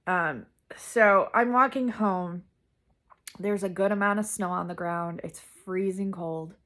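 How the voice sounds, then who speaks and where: A woman's voice: fairly low pitch, slow pace, a bit bright. A woman vlogger casually telling a personal story, rambling with many "like"s and restarts.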